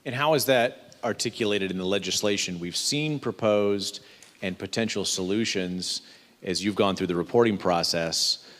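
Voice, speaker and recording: A male interviewer on stage, asking halting questions and searching for words. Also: lowish voice, a bit bright. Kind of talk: asking questions at a live book fair talk. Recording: long hall reverb.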